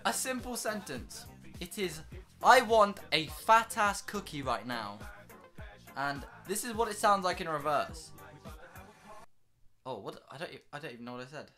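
A young man filming a casual vlog, excitable and swearing freely as he laughs at himself at home. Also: high-pitched, unhurried, pauses often, faint music behind. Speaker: YouTuber.

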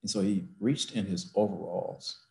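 A man's voice: sits low, vocal fry, darkish tone. An older man, a university president, telling a heartfelt personal story over a video call from his office, building to rousing emphasis. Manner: slow, emotional storytelling rising to rousing emphasis.

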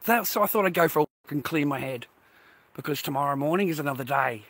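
Sharp, husky man ranting at viewers. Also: fairly high pitch, expressive, fast, dry recording. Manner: indignant, swears constantly, talks straight to viewers. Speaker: vlogger. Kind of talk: profane to-camera rant. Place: outdoors on a walk.

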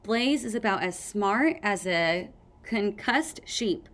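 A woman's voice: medium pitch, lively intonation, slow, fairly bright tone. A woman reads as a bookish young male dragon from a storybook, gloomy and fond of lecturing. He sounds like the know-it-all of the class.

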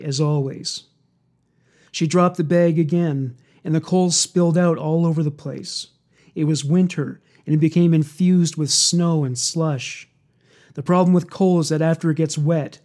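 Mellow man narrating a dark true story. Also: on the high side. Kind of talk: scripted true-crime narration.

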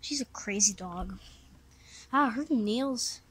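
A woman's voice: a little high, slow pace, husky, low-quality recording. A woman vlogging a casual tour of her home, rambling and offhand, chatting to her pets along the way. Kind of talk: casual house-tour vlog. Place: at home, indoors. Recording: loud background noise.

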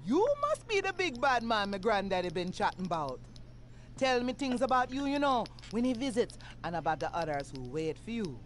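A mystic older woman with a lilt in a game cutscene. Her voice swoops and rises expressively, slow and soothing, with faint background noise underneath. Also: on the high side, very animated. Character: older woman spirit-talker, calm and mystic. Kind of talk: video game cutscene acting.

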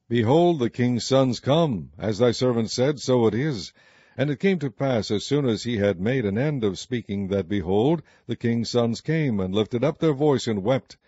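Male narrator, dark, mellow tone, measured scripture reading, dry and slightly dull audio. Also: medium pitch, no room sound. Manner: steady, measured King James reading.

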